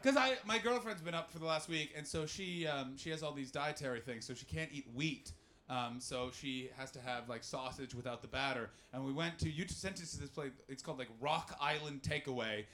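A young man works a stand-up crowd, his voice sitting a little higher than most men's. He rambles from story to story, swearing freely and mocking himself, then turns to quiz the audience. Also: normal speed, sharp tone, slight background noise. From Canada. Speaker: stand-up comedian. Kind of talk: stand-up comedy set.

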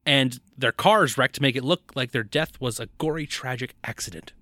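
A man co-hosts a podcast and walks through a film's plot in relaxed, joking chat. His tone is bright and forward. The sound is close and dry, with no room around it. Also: mid-range voice, moderate pace, dry recording. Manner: relaxed, jokey plot recap with frequent laughs. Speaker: podcast co-host. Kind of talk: casual chat recapping a film.

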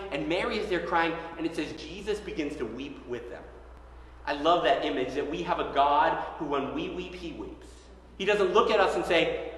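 A man preaching a sermon, retelling the story in a lively, conversational way and acting out the characters' lines. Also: a little high. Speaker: pastor. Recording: echoey hall.

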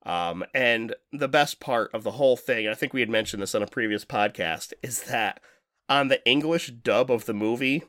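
A male podcast co-host rambles and swears through casual chat, laughing often. His medium-pitched voice has a fairly bright tone at a moderate pace, in a dry, studio-quality recording.

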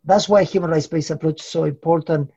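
Gravelly, dark-voiced man giving formal answers. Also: fairly high pitch, steady tone. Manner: measured, formal, lecturing with rhetorical questions. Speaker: human rights expert interviewee. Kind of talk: academic interview answers. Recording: dull lo-fi recording.

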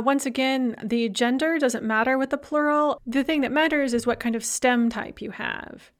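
A woman teaching a grammar lesson, explaining clearly in English and reading out careful Russian examples. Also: a little high. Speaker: language teacher.

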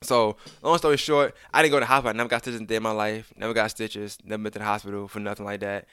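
A man's voice: lowish voice, steady tone, rapid-fire, a bit bright, clean tone, dry recording, studio quality. A young man casually telling a story from his childhood, rambling with many restarts and asides, and acting out the lines he quotes.

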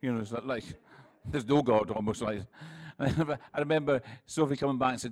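A Scottish man in his sixties preaching to his congregation in a chatty, self-deprecating way, with plenty of laughs and restarts. His pitch sits right in the middle for a man. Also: steady tone, moderate pace, few pauses, darkish tone. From Scotland. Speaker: pastor. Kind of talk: sermon with humorous anecdotes.

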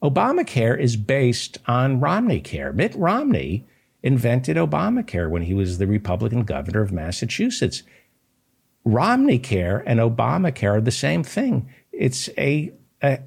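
A man hosting a political commentary show, delivering an impassioned, sarcastic monologue in a husky voice. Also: mid-range voice, huge pitch swings, normal speed, a little mellow.

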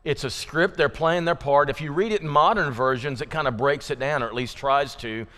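A man's voice: on the high side, brisk, sharp tone. A man preaching a sermon in a folksy, joking, conversational way to his congregation in a church. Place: church sanctuary. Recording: long reverb of a church hall.

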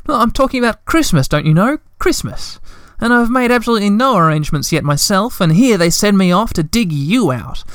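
A man voicing a fussy, cross male Hemulen creature who complains loudly in a raised, flustered voice. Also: moderate pace, clean tone, no room sound, clean studio sound. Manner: high, loud, complaining.

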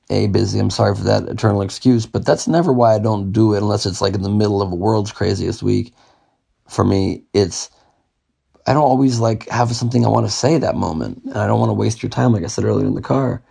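A man's voice: on the low side, brisk, vocal fry, warm tone, slightly rough. A young man hosting a casual podcast, rambling and joking, sometimes breaking into song. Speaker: podcast host.

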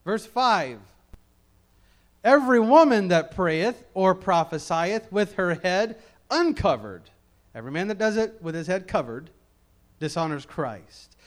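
A man's voice: sits high, big pitch swings, unhurried. A middle-aged man preaching a Bible-teaching sermon in a conversational way, with joking asides and key phrases repeated for emphasis.

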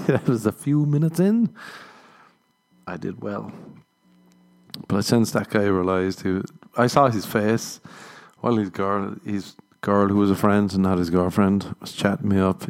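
A man with a fairly low voice talks straight to his listeners in a casual podcast monologue. He is a comedian, and he swears freely and chuckles at his own punchlines. He slips into other people's voices as he acts out his stories. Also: unhurried, a little mellow. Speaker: stand-up comedian and podcast host.

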